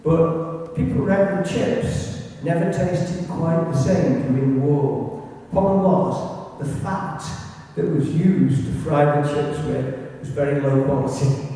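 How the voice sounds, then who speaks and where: A man's voice: a little high, takes it slowly, creaky, warm tone. A man from England giving an illustrated local history talk, chatty and anecdotal, with asides to his audience. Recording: echoey hall recording from far off.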